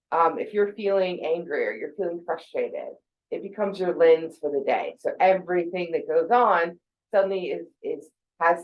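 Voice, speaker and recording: A woman's voice: fairly low pitch, muffled recording. A woman in her forties giving a casual, conversational talk about thinking habits, with fillers and quoted asides. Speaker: speaker on mental health.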